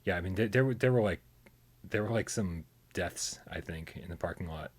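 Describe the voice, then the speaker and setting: A man's voice: low-pitched, moderate pace, slightly rough. A man co-hosting a live gaming stream, chatting loosely with self-deprecating jokes and many restarts. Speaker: podcast co-host. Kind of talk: casual chat on a live stream.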